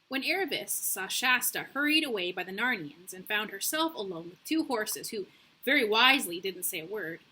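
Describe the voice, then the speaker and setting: A young woman reading a children's book aloud, relaxed and casual, catching herself on slips. Her voice sits fairly high and sounds bright, with a husky edge. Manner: relaxed, with slips and self-corrections. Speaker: reader.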